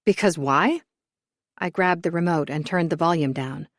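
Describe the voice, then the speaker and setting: A woman tells a first-person story in an even, measured way. Her voice sits low, and the recording is close and dry with no room around it. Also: no room sound. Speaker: audiobook narrator.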